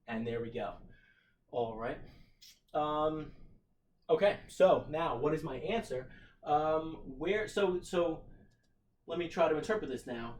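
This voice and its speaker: A man's voice: fairly high pitch, sing-song, unhurried, darkish tone, a little hiss or hum. A middle-aged man, a teacher, talking through a math problem for his class, thinking aloud with plenty of fillers and restarts. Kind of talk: recorded math lesson walkthrough.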